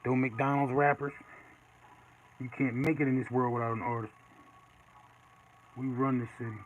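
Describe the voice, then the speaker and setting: A man casually chatting while he draws live, reading and answering viewer comments in a relaxed way. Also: medium pitch, moderate pace. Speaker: artist streaming live. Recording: dull lo-fi with faint noise.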